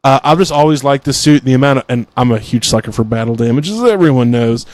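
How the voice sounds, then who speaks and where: Man, podcast co-host, rambling chatty storyteller, medium pitch, dry close mic. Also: fast talker, darkish tone, dry recording. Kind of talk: casual chat.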